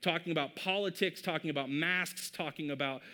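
Pastor, male, thirties, relaxed talky sermon delivery with a bright, slightly high voice. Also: brisk. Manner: conversational, addresses the crowd as "you guys".

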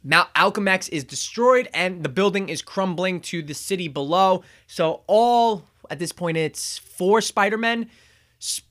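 Guy on a podcast going over a movie plot, kinda high voice, bright and punchy, lots of ums and little laughs. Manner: rambling, chuckling, acts out quotes. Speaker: podcast host. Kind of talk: casual movie recap chat.

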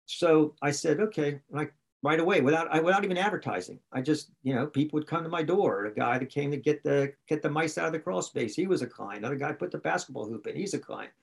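A man's voice: a little high, fast talker, creaky, husky. A man from West Virginia, a coach and podcast guest, talking candidly in a rambling, self-correcting way. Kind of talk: candid conversation.

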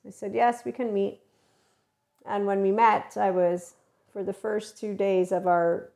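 Woman, podcast host, casual monologue, frank and chatty, gravelly fry, acts out quotes. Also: medium pitch, darkish tone. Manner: frank, chatty, mixes self-help terms with swearing.

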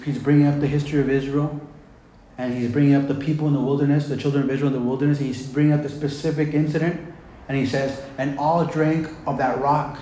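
Preacher in a booming echoey hall. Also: male voice, dark tone. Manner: conversational, retelling scripture with emphasis. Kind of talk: sermon.

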